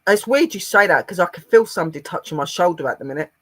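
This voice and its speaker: A man in casual chat, emotional and choked up, talking haltingly and often repeating himself. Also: sits high, animated, sharp tone, dry recording.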